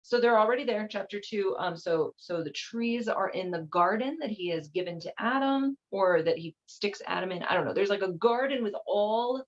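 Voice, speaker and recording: A woman's voice: medium pitch, animated, normal speed, few pauses. A woman hosting a show, talking in a chatty, irreverent way with lots of fillers. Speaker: host. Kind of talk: casual commentary. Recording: slightly dull lo-fi audio.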